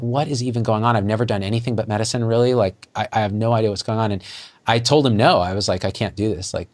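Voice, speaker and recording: A middle-aged man, a physician guest, telling a story in conversation and acting out the dialogue with lively jumps in his voice. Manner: animated, acts out quoted dialogue with jumps in pitch.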